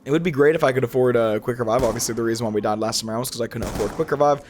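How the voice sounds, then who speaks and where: A man's voice: medium pitch, racing, background noise. A young man giving casual, rambling commentary as he plays a video game, often restarting his sentences. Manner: rambling, animated, frequent self-corrections. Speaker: gaming YouTuber.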